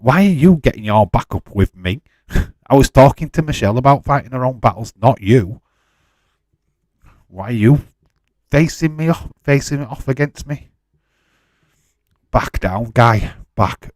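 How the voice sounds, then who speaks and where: A man's voice: mid-range voice, animated, unhurried, long pauses, darkish tone, no echo. A man, hosting a livestream and answering viewers in chat in a defensive, direct way. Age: 40s. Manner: defensive, talks straight to chatters by name. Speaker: livestream host. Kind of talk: casual watch-along chat, answering live chat.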